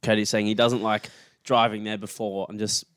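A man's voice: fairly low pitch, level tone, normal speed, fairly bright tone, clean tone, no room sound, clean studio sound. A young man with an Australian accent, co-hosting a podcast with teasing banter and frequent restarts. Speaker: podcast co-host. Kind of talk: casual chat.

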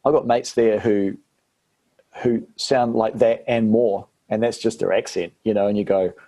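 A man's voice: on the low side, steady tone, normal speed, warm tone, breathy edge. A man from New Zealand with a New Zealand accent, an actor chatting casually as an interview guest, rambling with fillers and restarts.

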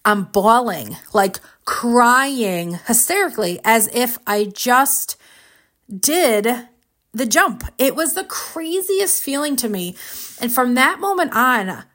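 A woman's voice: fairly high pitch, slow pace. Chatty woman podcast host. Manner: chatty, animated, lots of "like" fillers. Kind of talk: casual solo podcast storytelling.

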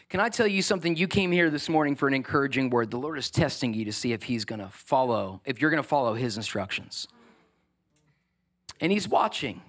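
A man with a high, bright-pitched voice preaches a sermon into a church microphone. He is passionate and fervent, pressing his congregation with rapid rhetorical questions and loosening things up with offhand humor. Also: expressive. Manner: casual asides and humor. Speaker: pastor.

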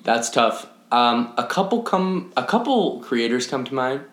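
A man's voice: mid-range voice, sing-song, a little slow, fairly bright tone. Hesitant young man, echoey room. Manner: hesitant, rambling with many fillers. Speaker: podcast co-host. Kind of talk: casual chat. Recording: roomy echo.

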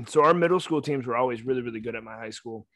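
A young man co-hosting a podcast, telling stories in a loud, animated, casual way. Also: medium pitch, fast talker, creaky, no room sound. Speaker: podcast co-host. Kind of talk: casual chat.

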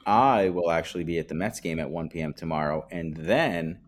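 A man's voice: low voice, steady tone, brisk, slight background noise. A man co-hosting a casual sports podcast, talking in a laid-back, shrugging way. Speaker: podcast co-host. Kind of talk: casual chat.

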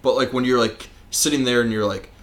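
A man's voice: mid-range voice, steady tone, fairly quick, fairly bright tone. A young man chatting casually as a podcast co-host, laid-back, saying "like" a lot and swearing freely. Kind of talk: casual chat.

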